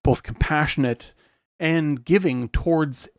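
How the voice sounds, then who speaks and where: A man co-hosting a film podcast, thinking out loud with frequent fillers and restarts. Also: fairly high pitch, a little slow, no room sound, clean studio sound. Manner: searching for words, many restarts and fillers. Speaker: podcast co-host. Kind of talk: casual film discussion.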